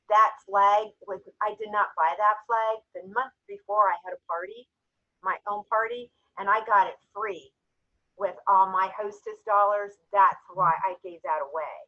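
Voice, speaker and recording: On a casual group call for a jewelry sales team, a woman tells heartfelt stories in a medium-pitched voice at a moderate pace. She gets emotional and sometimes tearful, and the lo-fi sound is slightly dull.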